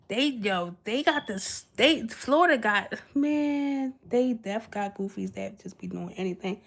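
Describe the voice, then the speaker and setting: A woman chats loosely with her livestream audience, giggling often between thoughts. Her voice is sweet and sits a little high for a woman. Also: expressive, a little slow, creaky, few pauses. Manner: giggly, chatty, talks back to chat. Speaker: livestream host. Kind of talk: casual livestream chat.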